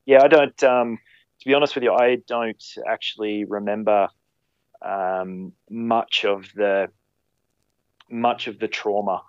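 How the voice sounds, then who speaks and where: Recalling his time on ski patrol, a lowish-voiced man stumbles conversationally through his stories, using many fillers, restarting sentences and performing quoted lines. His tone is steady and clean, and the recording is dry and slightly muffled.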